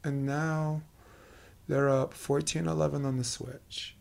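A middle-aged man with a New York accent, hosting a casual interview and talking fast and animatedly. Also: fairly high pitch, flat delivery, creaky, a little mellow. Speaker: podcast host.

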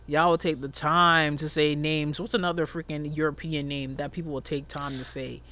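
A man chatting casually as a podcast co-host, animated and emphatic, with a slangy, ranting manner. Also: a little high, moderate pace. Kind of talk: casual chat.

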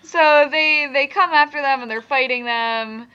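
Woman, podcast co-host, casual recap chat, giggly, slightly high voice, muffled recording. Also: measured pace, bright, forceful tone. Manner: chatty, giggly, many ums.

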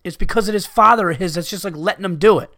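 A man's voice: high voice, fast talker, fairly bright tone, no room sound, studio quality. A man hosting a podcast, ranting with profane exasperation to his listeners while recovering from being sick. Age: adult with young children. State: recovering from illness. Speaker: podcast host.

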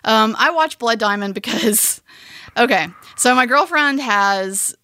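Young woman cohosting a movie podcast, jokey and animated, bright voice, dry close mic. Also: a little high, takes it slowly, clear, resonant tone, no room sound. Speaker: podcast co-host. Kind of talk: casual movie chat.

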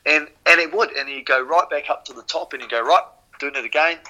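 A man with a New Zealand accent, a podcast guest and former rower, telling stories casually in an animated way, swearing freely and using lots of fillers. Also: a little high, quick pace, rough recording. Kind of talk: casual storytelling.

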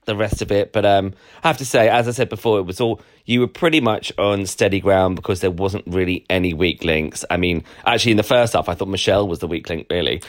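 A man co-hosting a podcast, chatting in a playful way and quick to laugh. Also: deep voice. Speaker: podcast co-host. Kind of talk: casual chat.

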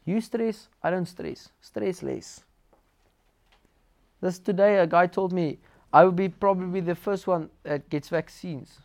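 Mixing Afrikaans into his English, a South African-accented man delivers a sermon built on vivid personal stories. He speaks a little slowly in a high, gravelly voice.

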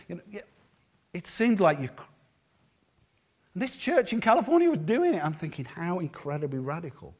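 A man preaching a sermon as a pastor, lively and acting out the words of others. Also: sits high, moderate pace, pauses often. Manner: lively, acts out quotes of others.

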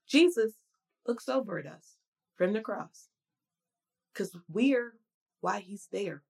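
A woman's voice: medium pitch, lively intonation, takes it slowly, creaky, long pauses, breathy edge. A woman preaching a casual devotional sermon in a conversational, slangy and emphatic way.

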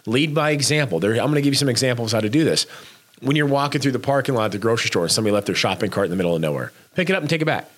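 Animated fast-talking man giving a pep talk. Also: mid-range voice. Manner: animated and emphatic, with frequent restarts; blunt, swears casually. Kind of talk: casual motivational chat.

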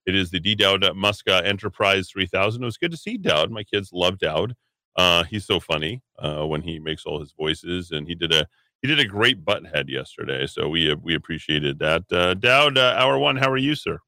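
Talk radio host, man, low voice with a crisp forceful edge, rambling delivery from the studio. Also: lively intonation, normal speed, no room sound. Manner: rambling, many hesitations and restarts. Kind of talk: opinionated talk radio monologue.

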